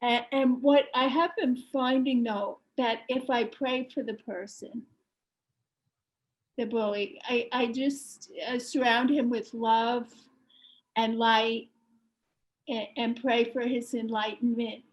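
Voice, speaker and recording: A woman in a workshop, sharing her experience haltingly with many fillers and restarts over a video call. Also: on the high side, fairly even intonation, rough recording. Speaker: workshop participant.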